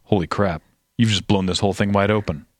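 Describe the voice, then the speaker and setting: A man's voice: lowish voice, fairly even intonation, quick pace, no room sound, clean studio sound. A man co-hosting a podcast, chatting casually and playfully as he retells a TV episode, slipping briefly into character voices. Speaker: podcast co-host. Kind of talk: casual chat recapping a TV episode.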